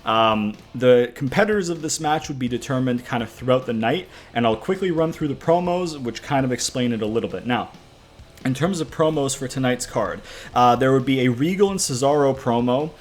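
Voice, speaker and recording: A man's voice: medium pitch, animated, brisk. A man casually recapping the card of his wrestling game universe, rambling and swearing loosely, with self-mocking asides.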